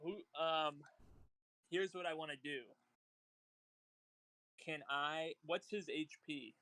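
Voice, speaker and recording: Bright, dry-sounding male tabletop player. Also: fairly high pitch, steady tone, takes it slowly, no room sound. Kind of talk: casual tabletop game play.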